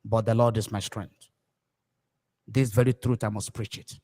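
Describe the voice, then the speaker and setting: A Nigerian man preaching fervently on a livestream, repeating phrases emphatically and swinging between loud cries and hushed words. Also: on the low side, level tone, normal speed, big-room sound. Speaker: pastor.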